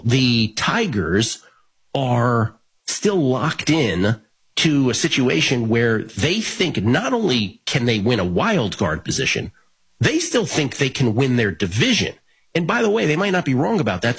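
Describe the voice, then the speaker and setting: A man's voice: mid-range voice, a bit bright, breathy edge. A man hosting a sports betting talk show, talking in a casual, rambling way with restarts.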